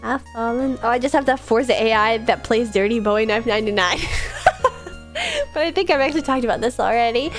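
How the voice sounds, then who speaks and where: A young woman with a higher voice and a congested, stuffed-up nose from a cold, chatting loosely to her stream late at night. She rambles with lots of "like" fillers and breaks into giggles, with faint background music playing under her. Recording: soft music behind.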